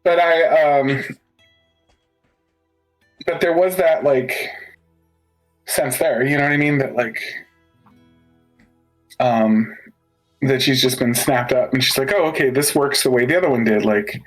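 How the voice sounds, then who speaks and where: Podcast guy talking anime, keeps going "you know what i mean", mid pitch, music faint behind. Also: unhurried, pauses often, poor audio. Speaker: podcast co-host. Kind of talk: casual anime review chat.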